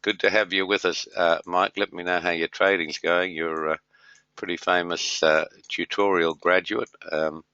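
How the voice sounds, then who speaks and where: A man's voice: low voice, fairly even intonation, moderate pace, sharp tone, no room sound. Man, middle-aged, webinar host, rambling and matey, dry close sound, dull lo-fi audio. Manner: rambling, many fillers, matey. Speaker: webinar host and trading tutor. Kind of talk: casual webinar greetings.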